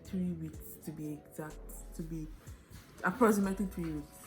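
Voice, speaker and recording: A woman's voice: low voice, normal speed, soft background music. Dramatic Nigerian woman telling a story. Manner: animated, dramatic storyteller with shifting pace. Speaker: vlogger. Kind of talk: storytime vlog.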